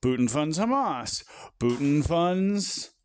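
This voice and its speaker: A man's voice: on the high side, big pitch swings, slow pace, a little mellow. A man ranting angrily and profanely as a political commentator, exasperated and furious. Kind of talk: angry political rant.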